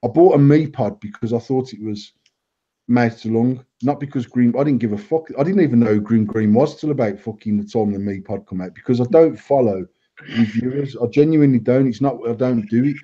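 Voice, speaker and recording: A man's voice: medium pitch, brisk, dark tone, husky, highs cut off. A man from England co-hosting a casual chat, blunt and rambling, swearing freely and restarting his sentences. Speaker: vape company owner, co-host.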